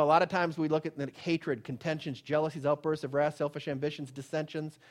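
A middle-aged male pastor preaching a sermon, swinging from loud emphatic declarations to hushed, soft pleading. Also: on the high side.

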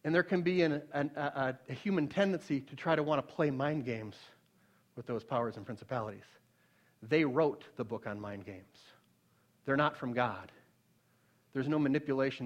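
A preacher alternates between loud, forceful climaxes and quiet, hushed storytelling, at a moderate pace. He often repeats words as he starts his sentences over.

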